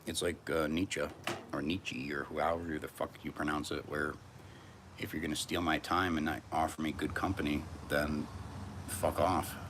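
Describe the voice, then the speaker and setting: A man's voice: rumbling low, little pitch movement, normal speed, noisy background. A man vlogging from a back porch outdoors, talking in a brash, profane, rambling monologue.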